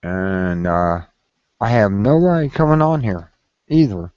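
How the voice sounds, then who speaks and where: A man complaining on a casual vlog in a slow, rambling and profane way. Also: fairly low pitch, big pitch swings, darkish tone, no room sound, lo-fi sound. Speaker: video blogger.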